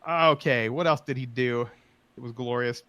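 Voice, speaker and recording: A man hosting a podcast, telling animated stories in casual chat and acting out quotes. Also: medium pitch, normal speed, smooth, no echo. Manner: animated, laughing, acts out quotes. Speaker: podcast host.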